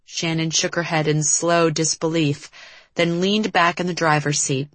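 A woman narrating a novel as an audiobook reader in a measured, even storytelling manner. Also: sits low, no room sound. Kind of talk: scripted narration.

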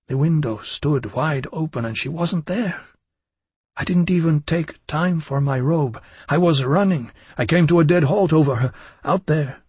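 A man reading a first-person story aloud with intensity and emotion, sometimes dropping to a hushed tone. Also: on the high side, breathy edge, no echo. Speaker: audiobook narrator. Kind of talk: dramatic first-person audiobook narration.

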